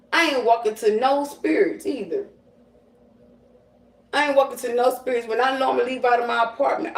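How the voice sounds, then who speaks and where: A woman livestreaming as a psychic medium, ranting in a profane, confrontational, slangy way. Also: mid-range voice. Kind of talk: livestream rant. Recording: roomy and distant from the mic.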